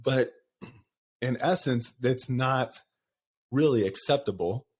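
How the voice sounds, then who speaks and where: A man's voice: mid-range voice, slow, husky. Candid middle-aged man, laughing as he rambles. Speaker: podcast host. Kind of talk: casual conversation.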